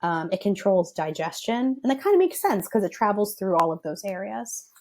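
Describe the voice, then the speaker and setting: A woman's voice: mid-range voice, animated, moderate pace, a little mellow, a little hiss or hum. A young woman explaining a topic on a podcast, walking through it step by step. She keeps things careful and thoughtful and hedges as she goes. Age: young adult. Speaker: podcast guest, physical therapist.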